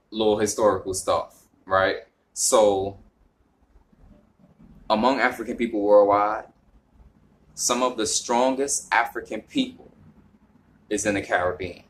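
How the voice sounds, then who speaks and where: A young man with a New York accent talking casually to camera, rambling with lots of fillers and rising in pitch and volume when he gets into explaining. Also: steady tone, takes it slowly, pauses often, slight background noise. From northern United States. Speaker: vlogger.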